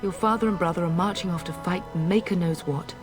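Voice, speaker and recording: A woman's voice: lowish voice, a little fast, over music, natural voice. An actress playing a proud, caring noble mother in a video game, speaking formally and firmly. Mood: earnest. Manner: dignified, formal speech. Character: proud noble mother, middle-aged, caring but firm.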